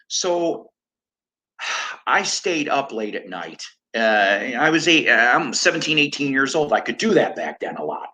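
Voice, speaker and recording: A man's voice: mid-range voice, pushed and bright, poor audio. A man in his fifties from the Chicago area, hosting a casual livestream with digressive, self-mocking talk and easy swearing. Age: 50s. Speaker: livestream host and record collector. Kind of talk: casual rambling livestream chat.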